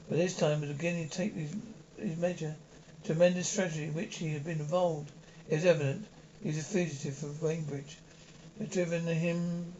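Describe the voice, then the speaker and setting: A man narrates a novel in the first person, stumbling and restarting words as he reads. His voice sits somewhat high. The recording is dull and lo-fi, with a faint hiss. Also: mellow. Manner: halting reading with frequent slips and restarts. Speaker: audiobook narrator.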